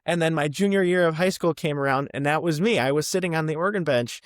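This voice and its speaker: A young man from the Midwest, a podcast guest chatting casually about his past with lots of ums and quick asides. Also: fairly high pitch, no echo, studio quality. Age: young adult. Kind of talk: casual interview chat.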